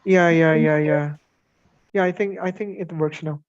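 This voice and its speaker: A man's voice: a little high, steady tone, measured pace, no room sound, highs cut off. A man with an Indonesian accent presents a workshop demo on a video call, chatting loosely and filling gaps with many fillers. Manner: chatty, code-switching, filler-heavy. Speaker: teacher-training workshop presenter. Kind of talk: online workshop tech demo.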